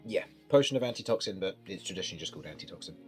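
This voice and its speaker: A man narrating a tabletop game as game master, chatty and lively. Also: low-pitched, racing, faint music behind.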